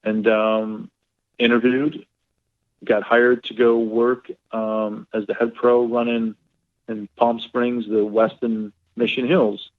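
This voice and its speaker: A man on a podcast, a golf professional, telling long stories in a rambling, animated way full of fillers. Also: fairly low pitch, slow. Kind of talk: casual storytelling interview. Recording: phone-line quality.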